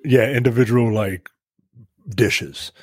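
A man's voice: medium pitch, slow pace, darkish tone, breathy edge, no echo, studio quality. A man co-hosting a podcast, reading items off a list with hesitant fillers in a casual chat.

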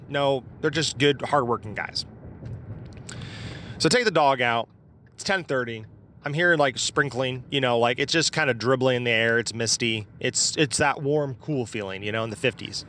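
A man from southeast Iowa tells his strange encounter in an offhand, meandering way, peppered with fillers and the occasional curse. His voice is bright and a little tense, and his pitch sits in an ordinary middle range. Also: slight background noise. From southeast Iowa, USA. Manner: rambling, informal, with mild swearing and fillers. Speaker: guest sharing a personal encounter story. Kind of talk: casual storytelling.

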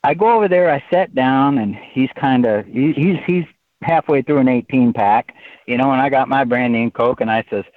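A man's voice: medium pitch, moderate pace, dry recording. A man who is an author, telling a rambling anecdote in an interview and often saying "you know". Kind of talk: storytelling in an interview. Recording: tinny phone-like line.

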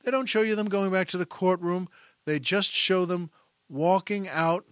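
A man retelling a film scene as a story, animated, acting out the characters' quoted lines. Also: high-pitched, normal speed, smooth, dry recording, clean studio sound. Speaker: film commentator.

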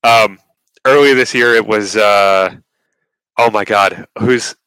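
Podcast co-host, male, bright and crisp, stammering, sweary, casual chat on a dry-sounding mic. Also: lowish voice, slow, no room sound, low-quality recording. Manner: stammering restarts, repeats words; profane, exasperated rants.

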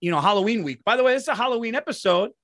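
A man's voice: very high voice, animated, racing, a bit bright, no echo, studio quality. A middle-aged man co-hosting a podcast, chatting casually and profanely, laughing often, and reading an ad in between. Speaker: podcast co-host. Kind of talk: casual podcast chat with ad read.

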